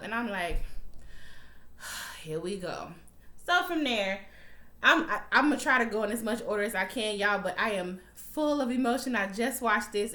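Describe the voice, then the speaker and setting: A woman's voice: mid-range voice, pushed and bright. A young woman recapping a TV drama episode in casual, heated chat, swearing and calling her viewers y'all. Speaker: TV recap vlogger. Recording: echoey room.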